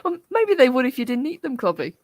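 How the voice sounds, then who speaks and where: A woman's voice: sits high, big pitch swings, fast talker, darkish tone, no echo. A woman co-hosting a casual stream chat, laughing a lot and teasing her co-host.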